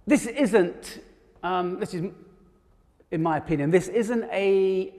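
A man's voice: sits high, slow, a little mellow. A man preaching a sermon, reading scripture and then explaining it in a conversational way with fillers and restarts. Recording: long hall reverb.

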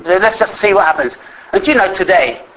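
A man preaching a sermon, earnestly slowing down to stress the scripture he reads. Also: high-pitched, lively intonation, a bit bright, rough recording.

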